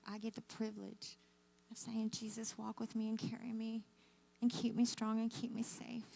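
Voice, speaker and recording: A woman's voice: fairly high pitch, creaky, a little mellow, low-quality recording. A woman giving an earnest testimony to a church as a guest speaker, telling stories and calling the crowd y'all.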